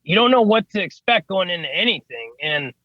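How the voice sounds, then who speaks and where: A high-pitched, very animated HVAC service tech speaks briskly as a podcast guest, captured in a dry recording with the highs cut off. In a casual interview he rambles through stories, cursing casually and saying "you know what I mean" often.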